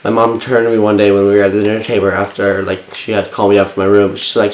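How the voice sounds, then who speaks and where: A man's voice: fairly low pitch, completely flat delivery, fast talker, a little mellow, echoey room, low-quality recording. A man co-hosting a casual chat podcast, playful and teasing, laughing often. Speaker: podcast co-host.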